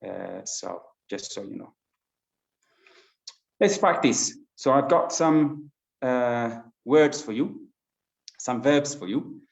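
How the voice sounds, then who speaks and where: A man's voice: mid-range voice, expressive, slow, vocal fry, long pauses. A man teaching an English class online, patiently explaining with many fillers and restarts. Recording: dull lo-fi sound in an echoey room.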